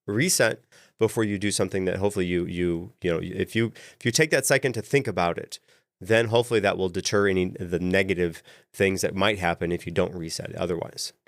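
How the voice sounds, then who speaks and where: A man co-hosting a casual talk, giving calm coaching advice and often repeating words as he thinks. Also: low voice, brisk, no echo, clean studio sound. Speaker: podcast co-host. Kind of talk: casual chat.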